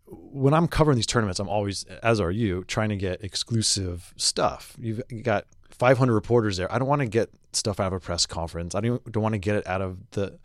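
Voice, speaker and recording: Low-voiced middle-aged man telling stories. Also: no echo, clean studio sound. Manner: lively anecdotal storyteller, quick asides. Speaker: golf reporter, co-host. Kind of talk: casual podcast chat.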